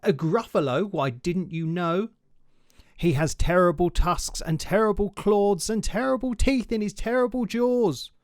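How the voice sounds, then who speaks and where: A man voicing a small, clever mouse in a children's storybook reading, with a high, chirpy voice. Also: unhurried, dry recording, studio quality. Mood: boastful.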